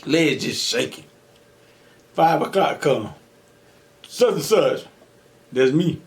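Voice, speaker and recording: A man's voice: fairly high pitch, expressive, slow. A young man hosting an eating show, telling a story casually, laughing often and acting out quotes. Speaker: mukbang host.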